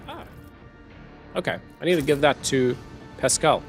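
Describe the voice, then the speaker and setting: A man streaming a game, giving relaxed, casual commentary and getting excited at what he finds. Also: medium pitch, moderate pace, faint music behind. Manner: relaxed, easily excited, talking to himself.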